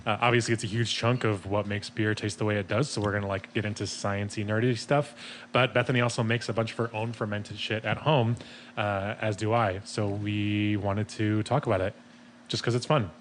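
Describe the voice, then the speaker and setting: A man's voice: on the low side, flat delivery, a little fast, slight background noise. A man hosting a casual podcast from a taproom, laid-back, laughing often and swearing freely. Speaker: podcast host. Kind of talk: casual chat.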